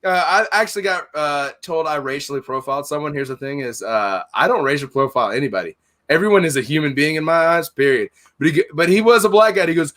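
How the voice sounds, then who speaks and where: Casting: middle-aged man, forceful bright voice, profane and blunt, storytelling on a casual podcast. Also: on the high side, animated, fast. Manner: blunt, heated, swears constantly, acts out both sides of arguments. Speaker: podcast host, store owner.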